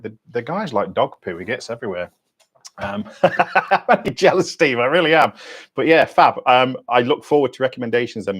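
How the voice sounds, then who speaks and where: A British man hosting a diving channel's livestream Q&A, talking bluntly in sweary, matey banter with lively swings in pitch and loudness. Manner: animated, lively ups and downs in pitch and loudness.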